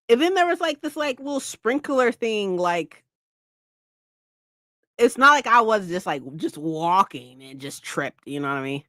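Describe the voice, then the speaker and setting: A woman's voice: medium pitch, big pitch swings, slow pace, long pauses, fairly bright tone, no room sound, clean studio sound. A woman hosting a reading livestream, chatting casually with her viewers, laughing often and teasing them. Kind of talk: casual chat with live chat viewers.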